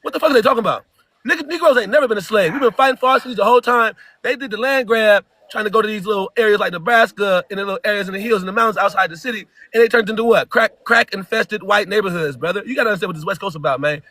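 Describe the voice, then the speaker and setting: Fast, high-pitched ranting man. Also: no echo. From California, US. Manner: loud, rambling, emphatic slang. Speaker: caller. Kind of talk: heated rant.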